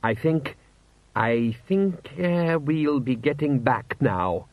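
A man doing a gruff, grumbling father. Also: mid-range voice, expressive, takes it slowly, no room sound, narrow, tinny audio. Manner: gruff, blustering. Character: grumpy, stubborn castaway father.

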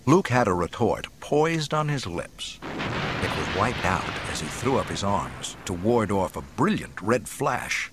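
A man narrating an audiobook in a dramatic, expressive storytelling manner. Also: lowish voice, a little slow, a little hiss or hum. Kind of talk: scripted narration.

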